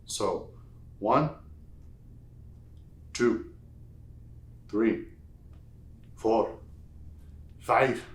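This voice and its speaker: Slow, patient male workout coach. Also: medium pitch. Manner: counts reps aloud, playful asides. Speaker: fitness instructor. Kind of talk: guided workout instruction. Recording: echoey room.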